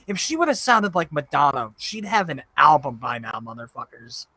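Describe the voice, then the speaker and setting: A man's voice: on the high side, normal speed, dry recording. A man co-hosting a podcast livestream, joking and swearing in casual chat. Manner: joking, profane, excitable. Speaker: podcast co-host.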